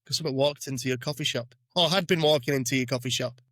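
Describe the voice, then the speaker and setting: Brief: male podcast host, joking and teasing, quick delivery, dry studio sound. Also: mid-range voice, fairly bright tone, no echo. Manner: teasing, jokey. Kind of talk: casual interview chat.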